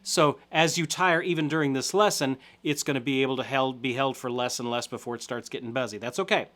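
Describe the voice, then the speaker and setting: A man's voice: mid-range voice, steady tone, a little fast, fairly bright tone. A middle-aged man teaching a guitar lesson step by step, encouraging and counting along, often checking in with "okay?".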